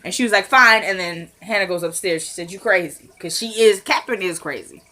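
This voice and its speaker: A woman chats through a TV episode recap in a loose, informal vlog style. She retells each scene by slipping into the characters' lines. Her voice is bright and forward. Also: lowish voice, quick pace. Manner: chatty, retells scenes with quoted dialogue. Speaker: TV show recapper.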